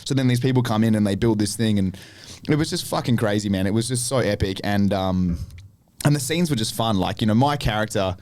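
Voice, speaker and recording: A young adult man, a podcast guest telling animated stories about acting work, swearing often. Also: on the low side, a little fast, dry recording. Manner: animated storytelling with lots of swearing. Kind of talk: casual chat.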